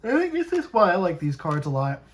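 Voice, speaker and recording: A vlogger chatting casually while opening trading cards, rambling with frequent restarts and animated asides. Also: mid-range voice, brisk, slightly rough. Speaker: card-collecting vlogger.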